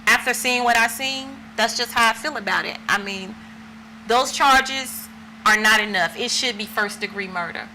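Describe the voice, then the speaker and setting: A woman's voice: on the high side, steady tone, brisk, hardly any pauses, sharp tone, a little hiss or hum, low-quality recording. A woman hosting a talk show, earnest and seeking agreement from her co-hosts. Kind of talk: impassioned discussion.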